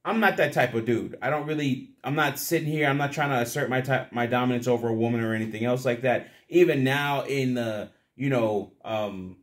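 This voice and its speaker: A man's voice: medium pitch, fairly quick, few pauses. A young man rambling casually to the camera, crude and profane, often laughing at his own stories. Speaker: vlogger.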